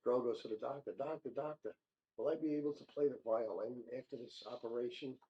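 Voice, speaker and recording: A man hosting a joke show, reading listener jokes aloud with small stumbles and quick voice changes for the characters. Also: mid-range voice. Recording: dull lo-fi sound.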